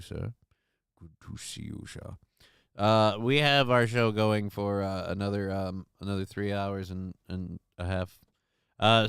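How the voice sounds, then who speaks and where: Male stream host, sarcastic and crude, rambles off chat; tense bright tone, very clean and dry sound. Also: fairly low pitch, clear, resonant tone, no echo. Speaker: live-stream show host. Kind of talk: casual live-stream commentary reading chat.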